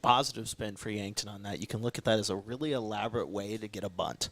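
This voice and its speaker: Low-voiced young male color commentator. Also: fast talker, a bit bright. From South Dakota. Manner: laid-back, teasing, laughs easily.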